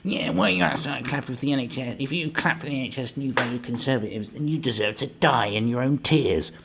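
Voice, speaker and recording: A man's voice: mid-range voice, quick pace, gravelly, background noise, pitched above the performer's own voice, close to an everyday voice. A man putting on a whiny, sneering parody of a self-righteous activist. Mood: mocking. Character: shrill self-righteous scolding activist, mocked.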